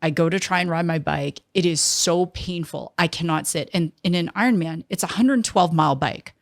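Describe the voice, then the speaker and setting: A middle-aged woman telling an animated personal story in an interview, acting out the people she quotes. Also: lowish voice, normal speed, dry recording, studio quality. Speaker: guest, entrepreneur.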